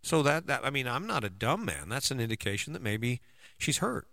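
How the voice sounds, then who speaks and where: A man's voice: mid-range voice, sing-song, brisk, creaky, sharp tone, no echo. A middle-aged man giving a conversational motivational talk as a relationship coach, often checking in with "right?". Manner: conversational, keeps asking "right?".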